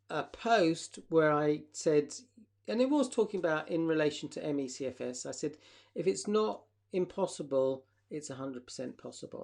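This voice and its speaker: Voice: mid-range voice, creaky, a little mellow. A therapist leading a live online workshop, asking the audience reflective questions and acting out short example dialogues.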